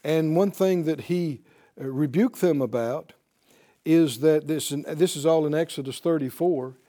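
A man's voice: fairly high pitch, a little slow. A man preaching a sermon to a live audience. He talks animatedly and keeps asking the listeners questions to draw out their replies. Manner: animated, asks the audience questions for call-and-response. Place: teaching before a live audience.

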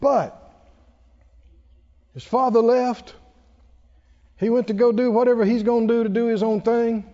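A man's voice: extremely high pitch, steady tone, measured pace, long pauses, warm tone. A man preaching a sermon to his congregation, calling for responses and laughing often. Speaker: pastor. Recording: dull echoey hall recording.

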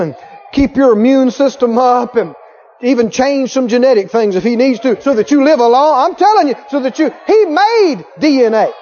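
High-voiced man preaching in a reverberant hall. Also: animated, darkish tone. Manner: emphatic, repeats phrases, drawn-out stresses. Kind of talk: sermon. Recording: dull lo-fi tape with long hall reverb.

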